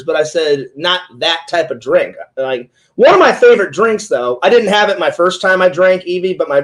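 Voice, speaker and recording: High-voiced man in his forties, rambling. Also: poor audio. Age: 40s. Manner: rambling retelling full of "he goes" quotes. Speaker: interviewer and streamer. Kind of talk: casual storytelling in an interview.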